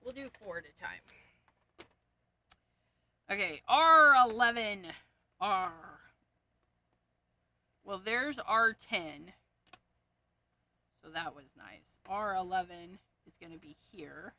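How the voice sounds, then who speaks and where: Bright-voiced woman, slow and muttering. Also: medium pitch, animated. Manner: muttering, reading off codes to herself; amused at her own jokes. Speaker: livestream crafting host. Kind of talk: casual livestream chat while sorting markers.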